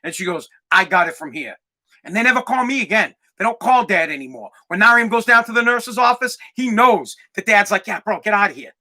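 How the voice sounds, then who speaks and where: A man's voice: high-pitched, brisk. Man ranting through a comic story. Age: adult parent of a twelve-year-old. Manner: animated, acts out voices, swears, gets loud when ranting. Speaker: podcast host. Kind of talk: comedic storytelling rant.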